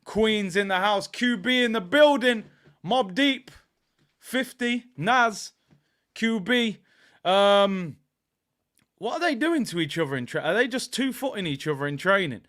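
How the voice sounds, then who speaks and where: A young man hosting a live football watchalong, giving shout-outs to viewers and cheering loudly at goals. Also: high-pitched, lively intonation, measured pace. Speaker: watchalong host.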